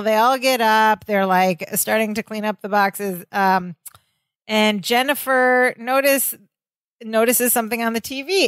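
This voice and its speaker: A woman's voice: on the high side, a bit bright, no echo. A woman co-hosting a podcast, casually retelling a sitcom episode scene by scene. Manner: chatty, retells scenes with quoted lines. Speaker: podcast co-host.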